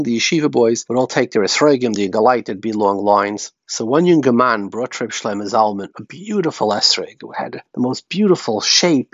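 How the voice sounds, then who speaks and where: A man's voice: mid-range voice, slightly rough, dry recording. A man giving a Torah talk, telling stories and weaving in Yiddish and Hebrew terms. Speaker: rabbi. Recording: dry, slightly muffled recording.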